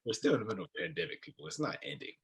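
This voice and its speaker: A young man co-hosting a podcast, telling stories in a low-key casual chat with a quiet voice. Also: very animated, racing, a little hiss or hum. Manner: low-key, storytelling with laughs. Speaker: podcast co-host.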